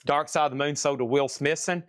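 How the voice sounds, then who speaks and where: A man's voice: a little high, fairly even intonation, a little fast, a bit bright. A man hosting a live-streamed record sale. He chats and jokes like a salesman while calling out prices and buyers. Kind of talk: live auction sales patter.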